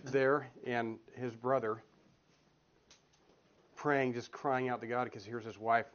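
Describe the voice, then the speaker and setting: A guest speaker in his forties addresses a church group in a casual, earnest teaching talk, telling stories and restarting often. His medium-pitched voice has a fairly bright tone, with a little hiss or hum in the audio. The dull lo-fi room recording was made in a meeting room that has a children's group next door.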